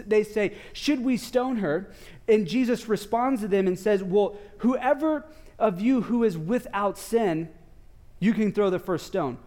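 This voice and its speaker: A man in his thirties, a father and pastor, preaching a conversational sermon and telling family stories with asides to the congregation. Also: sits high. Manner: conversational, animated storytelling with asides to parents.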